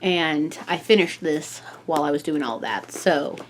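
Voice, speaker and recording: Young woman, low-pitched voice, chatty, upbeat, casual reading vlog. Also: animated, measured pace, slight background noise. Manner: chatty and upbeat, with frequent fillers and laughs. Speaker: book vlogger.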